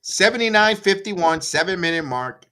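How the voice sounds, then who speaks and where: A man with a bright, fairly high voice calls a basketball game live for fellow fans. He reads out scores and plays in short bursts and swings between dry sarcasm and heated complaints about the coaching. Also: moderate pace. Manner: excitable, sarcastic, rants at the coach. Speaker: watch-along play-by-play host. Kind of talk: live fan play-by-play commentary.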